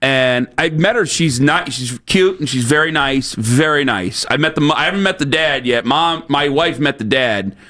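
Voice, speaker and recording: A man's voice: mid-range voice, normal speed, hardly any pauses, sharp tone. A man hosting a sports radio show, telling a rambling story in casual banter with lots of fillers. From Ohio, USA.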